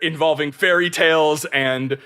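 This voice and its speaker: Giggly bright-voiced woman guest. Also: sits low, fairly even intonation, measured pace. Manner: giggly, laughs through her words. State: pregnant. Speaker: podcast guest. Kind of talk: casual chat.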